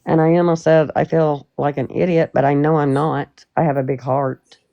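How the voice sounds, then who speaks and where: Stream host, woman, very low gravelly voice, soft and teary, dull lo-fi audio. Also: level tone, moderate pace. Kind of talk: live-stream chat. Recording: dull lo-fi sound.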